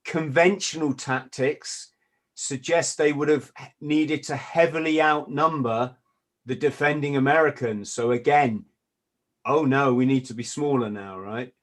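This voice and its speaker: A man's voice: mid-range voice, a little slow. A man hosting a podcast in casual discussion, often stammering and restarting, with sardonic asides. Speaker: podcast host.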